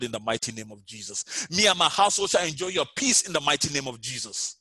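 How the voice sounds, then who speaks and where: Fervent preacher man, bright husky voice. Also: medium pitch, no echo, poor audio. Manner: fervent, chanting prayer with repeated "Father Lord"; addresses listeners at home. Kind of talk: prayer and sermon.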